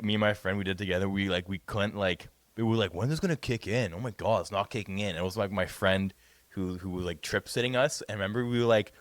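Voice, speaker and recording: A young man co-hosting a podcast, rambling through a profane, animated story in casual chat. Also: fairly low pitch, no echo. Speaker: podcast co-host.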